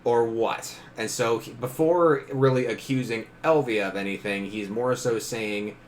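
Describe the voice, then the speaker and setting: A man's voice: medium pitch, measured pace, a little hiss or hum. A man narrating as game master in a casual tabletop session, laughing often and briefly acting out characters.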